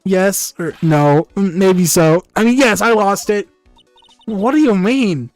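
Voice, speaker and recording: A stuttering, whiny crybaby of a thief in a video game, voice pitched way up and breaking into nervous apologies, put on by a man. He trips over his words and sounds ready to cry at any moment. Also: takes it slowly, no room sound, soft background music. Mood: flustered. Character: timid stammering crybaby male thief.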